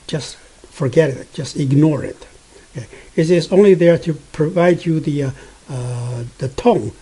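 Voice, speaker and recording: A man whose first language is Mandarin Chinese, teaching Mandarin pronunciation patiently, repeating each sound many times with frequent pauses. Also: fairly high pitch, warm tone, husky, poor audio. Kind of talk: pronunciation lesson.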